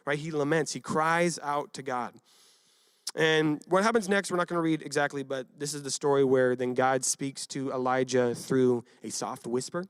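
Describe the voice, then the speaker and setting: A young man giving a casual youth sermon, retelling a Bible story with lively acted quotes and frequent asides to his listeners. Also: medium pitch, normal speed, clear, resonant tone, no echo, clean studio sound. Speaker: youth pastor.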